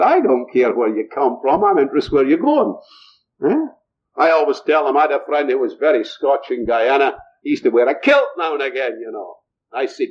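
A man's voice: mid-range voice, sing-song, normal speed, slight background noise. An older man from Scotland preaching a sermon, often asking his listeners rhetorical questions. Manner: rhetorical, asks the audience questions. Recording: muffled lo-fi recording.

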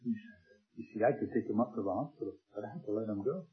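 An older man preaching a sermon, his delivery swinging from loud emphasis to quiet, hushed lines. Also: on the low side, quick pace. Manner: dynamic, swings from loud emphasis to soft near-whisper. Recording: tinny phone-like sermon recording.

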